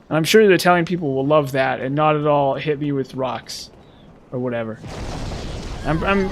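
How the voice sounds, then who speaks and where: A man's voice: a little high, slight background noise. Sarcastic rambling male gamer. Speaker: gameplay commentator. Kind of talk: casual game commentary.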